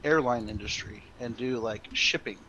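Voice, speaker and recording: A man's voice: medium pitch, normal speed, sharp tone. A man talks eagerly and rambles as a player in a tabletop game. His voice comes through a dull, lo-fi mic with faint hiss behind it. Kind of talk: casual chat.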